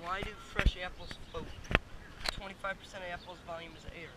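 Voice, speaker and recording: A man's voice: high voice, level tone, brisk. A man vlogging a family farm outing, teasing the animals playfully and reading signs aloud. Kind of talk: casual handheld vlog commentary. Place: outdoors at a farm orchard. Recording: loud outdoor noise on a camera mic.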